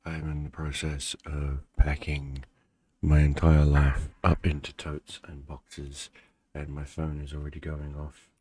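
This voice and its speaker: Short on sleep, this man hosts a gaming channel and chats casually in a vlog, his deep morning voice groggy and his tone darkish. He keeps a measured pace and a monotone, rambling with dry asides, and the recording is dry.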